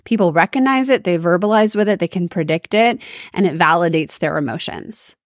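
A woman's voice: fairly low pitch, a little fast, no room sound, studio quality. A woman hosting a solo podcast, giving upbeat, emphatic coaching advice on sales calls. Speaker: podcast host.

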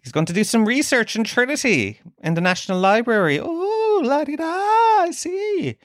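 Swoony camp snob voice, squeaky high, teasing sing-song. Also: male voice, very animated, fast, a bit bright, no echo, studio quality. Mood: mocking. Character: camp, swooning, snooty mocking man.

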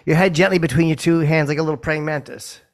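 A man co-hosting a casual chat, answering dryly with crude deadpan jokes. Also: a little high, quick pace. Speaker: co-host, comedian.

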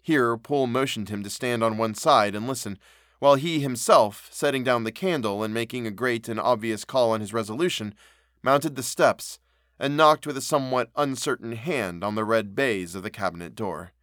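A man reading a classic story aloud as narrator, in steady, measured storytelling. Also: mid-range voice, no room sound, studio quality.

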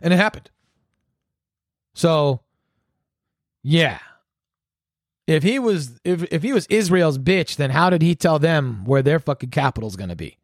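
A man hosting his own podcast, tearing through a foul-mouthed, sarcastic, rambling rant. His voice sits on the higher side for a man, and the recording is dry and close. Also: lively intonation, a little slow, pauses often, no echo. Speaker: podcast host. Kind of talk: solo ranting commentary.

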